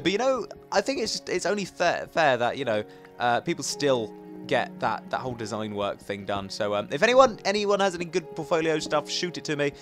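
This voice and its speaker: A young man giving rambling, excitable let's play commentary as a gaming YouTuber. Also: fairly high pitch, a little fast, faint music behind. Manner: rambling, restarts often, excitable outbursts.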